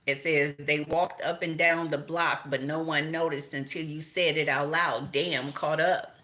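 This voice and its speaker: A woman's voice: low-pitched, steady tone, a little slow, bright, forceful tone. A middle-aged woman from Chicago doing a casual tarot reading, talking straight to viewers, swearing freely and laughing. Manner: profane, laughing, talks to viewers directly. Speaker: tarot reader.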